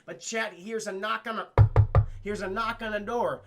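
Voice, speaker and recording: A man with a high, bright, tense voice and a gravelly edge talks through a cartoon episode for his live chat. He rambles, swears freely and keeps turning back to address the chat. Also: fairly even intonation, normal speed, faint music behind. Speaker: livestream cartoon reviewer. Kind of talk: casual spoiler recap to a live chat.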